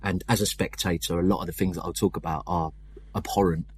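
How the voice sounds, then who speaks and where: A young punk vocalist and lyricist with a London accent talks about his band's songwriting in a casual interview. His voice sits low and his tone stays steady, but he talks fast, rambles, restarts and puts himself down, with slight background noise behind him.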